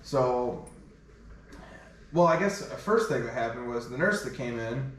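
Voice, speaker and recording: A man's voice: mid-range voice, lively intonation, a little slow. A man co-hosting a podcast, telling a crude, rambling story in a laid-back, casual way. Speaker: podcast co-host. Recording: echoey room, distant mic, faint noise.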